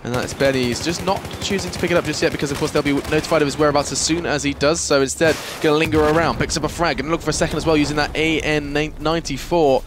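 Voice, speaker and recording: A man doing live esports play-by-play commentary, quick and joking in banter with a co-caster. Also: a little high, fairly even intonation, background noise. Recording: game gunfire loud behind voice.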